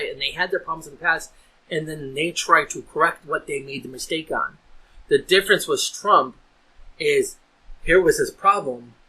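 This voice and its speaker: A man's voice: on the high side, sharp tone, breathy edge, poor audio. A man talking earnestly in a casual podcast discussion, restarting and repeating words as he builds his point. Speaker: podcast host.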